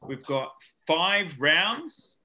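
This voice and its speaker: A man's voice: a little high, big pitch swings, drawn-out words, bright, forceful tone. A man with a New Zealand accent, hosting a comedy spelling bee over a video call in a dry, joking, chatty way. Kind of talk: casual comedic game-show hosting.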